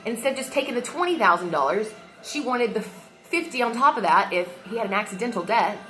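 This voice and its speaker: A woman's voice: fairly high pitch, lively intonation, a little fast, a bit bright, soft background music. A woman venting heatedly into her phone camera, swearing often as she talks. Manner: heated and emotional, frequent swearing. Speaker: vlogger. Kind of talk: casual rant to camera.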